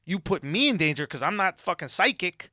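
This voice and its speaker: A man co-hosting a comedy podcast, talking in loud, excitable casual banter with plenty of swearing. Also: high-pitched, a little fast, no echo, studio quality. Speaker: podcast co-host.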